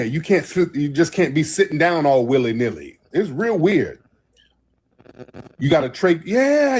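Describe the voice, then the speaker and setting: A man's voice: a little high, breathy edge. A man hosting a casual livestream chat, telling rambling, profanity-laced stories. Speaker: host.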